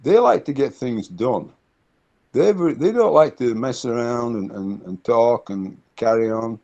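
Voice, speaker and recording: Middle-aged man, gravelly, anecdotal interviewee; dull lo-fi sound. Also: medium pitch, lively intonation, measured pace, warm tone. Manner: anecdotal, repeats words while searching. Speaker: interviewee, consultant. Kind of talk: casual interview talk. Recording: dull lo-fi recording.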